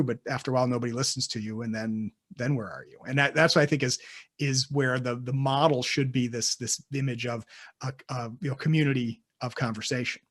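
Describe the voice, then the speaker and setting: A man speaking as a panelist, answering off the cuff with frequent restarts and repeated words. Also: medium pitch. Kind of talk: unscripted panel discussion.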